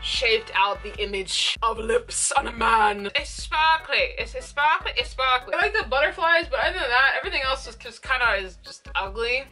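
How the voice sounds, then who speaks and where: A woman's voice: a little high, bright, forceful tone. A young woman talking casually to camera for her vlog, rambling and self-deprecating with frequent laughs. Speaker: YouTuber.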